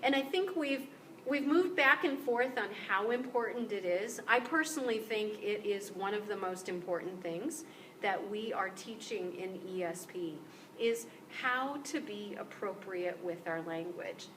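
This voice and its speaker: A woman instructor giving a recorded lecture, explaining clearly and slowing down to model example sentences. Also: medium pitch, fairly bright tone, slight background noise, low-quality recording. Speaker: university instructor. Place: room with motion-sensor lights.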